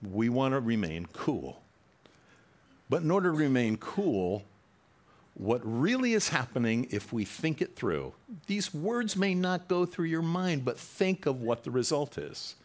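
A man's voice: medium pitch, very animated, unhurried, darkish tone. A man preaching a sermon, reading scripture and breaking off into conversational asides and rhetorical questions to the congregation. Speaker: pastor.

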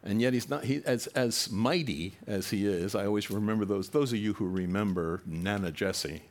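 A man's voice: fairly low pitch, moderate pace. A man preaching a sermon to his congregation in a conversational way, now and then acting out quoted voices with rising animation. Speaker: pastor.

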